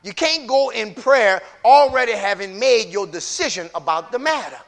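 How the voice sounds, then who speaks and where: A man preaching a passionate sermon, dropping to a hush and rising to shouts as he talks straight to his congregation with folksy asides. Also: high-pitched, lively intonation, normal speed, creaky. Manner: impassioned preaching, swinging from hushed to shouted. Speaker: pastor.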